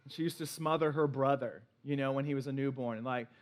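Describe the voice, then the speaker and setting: A man preaching a sermon in an animated, playful way, acting out little voices as he goes. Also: mid-range voice, fast talker. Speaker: pastor.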